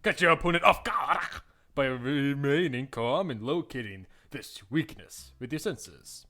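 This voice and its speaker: A man's voice: mid-range voice, unhurried, bright, forceful tone, faint music behind. Man reading as a smug, teasing male combat mentor. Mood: lecturing. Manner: lecturing, mocking.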